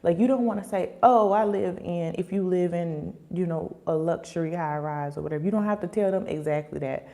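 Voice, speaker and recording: A young woman hosting a casual livestream, talking in an animated way with lots of fillers and acting out quoted voices. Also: lowish voice, a little fast, few pauses.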